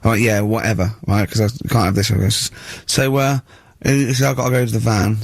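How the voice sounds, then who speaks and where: A man's voice: lowish voice, flat delivery, a little fast, vocal fry, dry recording. A man co-hosting a radio show, telling wry anecdotes in casual banter. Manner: wry anecdotes, quoting people in voices. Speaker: radio co-host.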